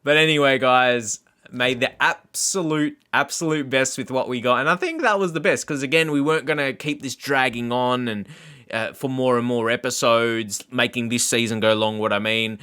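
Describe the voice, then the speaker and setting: A man talks through his game in loose, rambling commentary, laughing often between thoughts. His voice has a bright, forward edge that stays even in tone. He speaks directly to his viewers like a regular channel host. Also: medium pitch, moderate pace, clear, resonant tone. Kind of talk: casual gameplay commentary.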